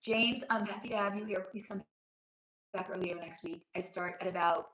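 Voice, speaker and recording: Hoarse-voiced woman hosting a livestream. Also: medium pitch, fairly even intonation, normal speed, a bit bright, reverberant, rough recording. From lives in Los Angeles. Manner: chatty, affectionate, reads chat aloud. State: losing her voice, sore throat. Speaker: livestream host, spiritual reader. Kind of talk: casual livestream chat with viewers. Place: home room.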